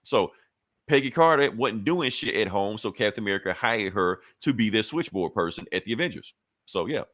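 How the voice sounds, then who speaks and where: A man's voice: fairly low pitch, animated, a little fast, fairly bright tone, dry recording, studio quality. A man co-hosting a podcast, retelling a comic episode in a loose, rambling, profane way. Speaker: podcast co-host. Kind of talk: casual comic recap.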